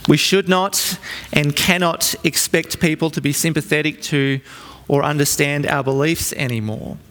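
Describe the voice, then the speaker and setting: Preacher in a reverberant hall. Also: male voice, on the high side, fairly even intonation, a bit bright. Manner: earnest, storytelling, with dramatic pauses. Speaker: pastor. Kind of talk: sermon. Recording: long reverb from a large hall.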